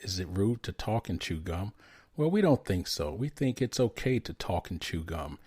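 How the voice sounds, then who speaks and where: A man hosting a podcast and interviewing a guest in a friendly, halting way with some restarts. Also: low voice, sing-song, darkish tone, breathy edge, dry recording, studio quality. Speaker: podcast host.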